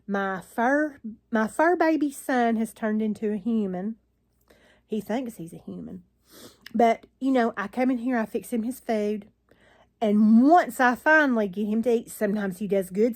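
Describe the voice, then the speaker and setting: A woman's voice: fairly high pitch, a little mellow. An older woman vlogging into her phone, chatting in a rambling, weary way with frequent sighs. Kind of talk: casual chat to camera.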